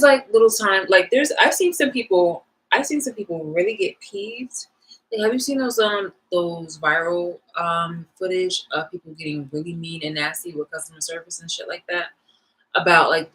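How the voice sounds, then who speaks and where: A young woman vlogging, telling a rambling story in a casual, animated rant full of fillers. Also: on the low side, poor audio.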